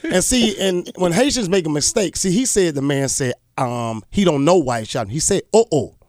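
A comedian telling funny stories on a morning radio show, acting out the people in them and laughing often. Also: male voice, a little high, normal speed, dry recording. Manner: animated storytelling, laughing, acting out quotes. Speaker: comedian guest. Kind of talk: casual radio chat. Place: radio studio. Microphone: studio microphone.

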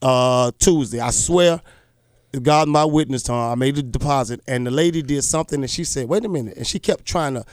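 A comedian telling funny stories on a morning radio show, acting out the people in them and laughing often. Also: male voice, mid-range voice, moderate pace, smooth, no room sound, clean studio sound. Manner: animated storytelling, laughing, acting out quotes. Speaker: comedian guest. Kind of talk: casual radio chat. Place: radio studio. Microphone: studio microphone.

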